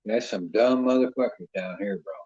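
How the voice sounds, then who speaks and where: A man's voice: fairly low pitch, moderate pace, warm tone, husky, dry recording, faint music behind. A man hosting a boxing channel who talks in a profane, rambling, boastful way. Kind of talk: casual rambling chat. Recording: dull lo-fi sound.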